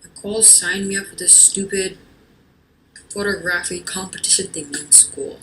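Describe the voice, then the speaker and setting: A woman voicing a shy, insecure teenage girl who speaks softly and hesitantly. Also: lowish voice, normal speed, slight background noise, rough recording. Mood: timid. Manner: soft, hesitant, mumbling.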